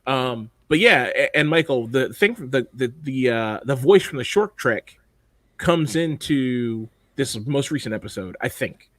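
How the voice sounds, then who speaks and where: A man's voice: mid-range voice, expressive, unhurried, a bit bright, no echo. A man co-hosting a podcast in casual chat, blunt and profane, rambling with lots of fillers. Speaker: podcast co-host.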